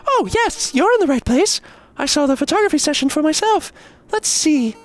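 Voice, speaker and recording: A man voicing a young female housemaid in a fussy, high falsetto in a game. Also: expressive, normal speed, soft background music. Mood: fluttery. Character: flustered young housemaid, woman, eager.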